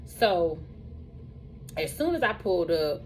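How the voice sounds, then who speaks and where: A woman with a fairly low voice tells her personal story in a loose, chatty way. She runs a truck driving school and comes back to the same phrases again and again to hammer a point home. Soft background noise sits faintly under her voice. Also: slow pace, low-quality recording. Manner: animated, repeats phrases for emphasis.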